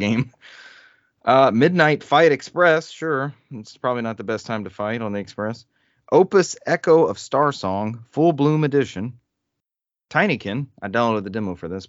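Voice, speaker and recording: A man's voice: mid-range voice, no room sound. A man hosting a casual gaming podcast, reading lists of upcoming games aloud with joking asides. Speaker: podcast host. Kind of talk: casual chat, reading game news. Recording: dull dry studio sound.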